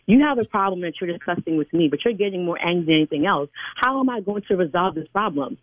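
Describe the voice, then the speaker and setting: A woman's voice: fairly low pitch, lively intonation, fast talker, no echo. A woman on the phone as a church sign language interpreter, stern and indignant, calling on the Lord. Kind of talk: heated phone argument. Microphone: telephone. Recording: tinny phone line.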